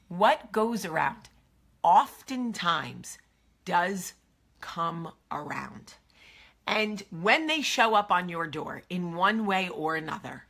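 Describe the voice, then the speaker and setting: A woman's voice: fairly low pitch, pushed and bright. A woman with a New Jersey accent hosting a casual chat to camera. She talks in a confiding way and keeps drifting into asides. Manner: chatty and confiding, trailing off into asides. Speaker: host.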